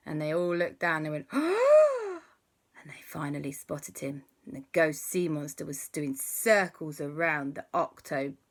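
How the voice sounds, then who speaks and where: A woman's voice: low voice, a bit bright. A woman making up an adventure story for children, playful and full of sound effects and gasps. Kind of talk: improvised bedtime story for kids.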